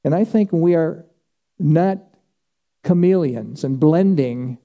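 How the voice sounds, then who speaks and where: A man preaching a sermon, emphatic and dramatic, with vivid pauses. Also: a little high, creaky, phone-quality sound. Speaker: pastor.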